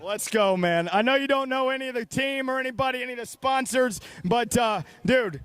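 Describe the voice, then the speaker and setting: A man announcing a live race at an outdoor speedway, shouting and hyping the crowd on a handheld mic. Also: extremely high pitch, brisk, clean tone, dry recording. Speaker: track announcer.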